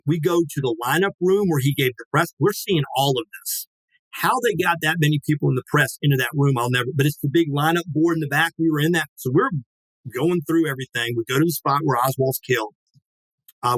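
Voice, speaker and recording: A man's voice: fairly high pitch, slightly rough, dry recording, rough recording. A man in his sixties, a guest on a talk show, telling a story in a casual way. He acts out what people said to him and swears now and then. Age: 60s. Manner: lively, acts out quoted dialogue, swears casually.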